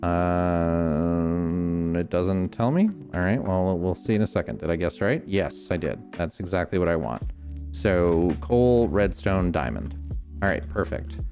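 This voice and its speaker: A man streaming a game, calmly explaining each step as he builds and thinking aloud. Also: low voice, unhurried, soft background music. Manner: relaxed, many ums and restarts. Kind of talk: casual gameplay commentary.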